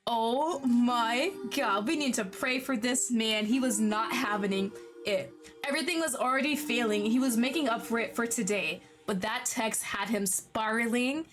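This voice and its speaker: A woman streamer giving casual commentary on a visual novel she is playing, reacting with animated, exaggerated disbelief. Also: on the high side, normal speed, soft background music.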